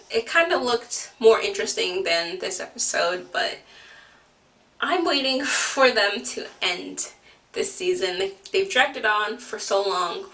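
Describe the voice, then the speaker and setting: A woman's voice: mid-range voice, sharp tone, recorded from a distance. A woman vlogger recapping a reality show in a chatty, opinionated way, full of "like" fillers. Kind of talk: casual TV recap chat.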